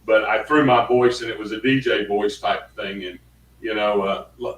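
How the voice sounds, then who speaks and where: A man who hosts the show and portrays Santa, talking in a relaxed, hesitant way. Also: fairly low pitch, moderate pace. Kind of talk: casual studio chat. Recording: roomy sound, distant from mic.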